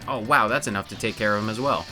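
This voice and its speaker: A man's voice: lowish voice, music in the background. A man giving casual, playful commentary over a video game playthrough. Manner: playful, chatty, quick asides. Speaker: let's-play commentator.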